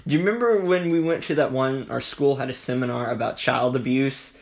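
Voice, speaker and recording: A man's voice: mid-range voice, brisk, gravelly. A young man hosting a casual podcast chat, easygoing and amused. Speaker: podcast host.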